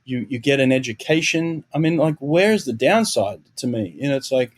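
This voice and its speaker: A man's voice: medium pitch, animated, normal speed. A middle-aged Australian man, a swim coach and guest, speaks candidly and reflectively in a podcast interview, restarting phrases and adding "you know".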